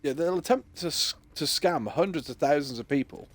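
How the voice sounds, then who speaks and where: Man, gaming streamer, casual joking stories, mimics voices, fairly high, lively pitch. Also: a little fast. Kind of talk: casual chat while playing.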